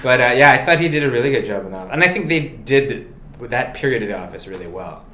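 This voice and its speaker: A man talks in a lively, rambling way during a relaxed chat, often laughing. His voice is bright and forceful. The room around him is echoey. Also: mid-range voice, slight background noise. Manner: animated, rambling movie talk with quick laughs. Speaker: guest. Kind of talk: casual chat. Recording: roomy echo.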